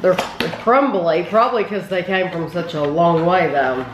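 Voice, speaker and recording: A woman's voice: on the low side, lively intonation, normal speed, over music. A woman hosting a casual food-tasting video, talking chattily and speaking straight to her viewers. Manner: chatty, addresses viewers directly. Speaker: host. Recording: roomy with faint background noise.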